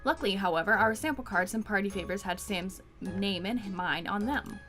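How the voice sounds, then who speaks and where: A woman with a mid-range voice, speaking at a moderate pace over music, casually plays a romance visual novel and reads it aloud, joking and swearing as she goes.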